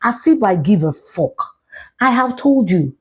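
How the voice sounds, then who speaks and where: A middle-aged Ghanaian woman with a Ghanaian accent, ranting loudly and profanely in a live video, slipping into Twi. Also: medium pitch, very animated, a little slow, husky. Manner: loud, profane, mixes in Twi. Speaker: social media personality.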